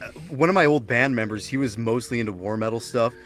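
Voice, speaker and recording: A man's voice: mid-range voice, fast talker, a bit bright, soft background music. A man co-hosting a podcast in casual chat, telling laid-back stories with laughs and mocking quotes. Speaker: podcast co-host.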